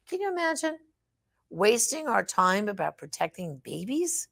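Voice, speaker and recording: Woman, gravelly edge, mid-pitched, emphatic, exhorting, host talking to listeners. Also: moderate pace. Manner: animated, rhetorical questions. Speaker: host of a pro-life advocacy show. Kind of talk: direct address advocacy talk.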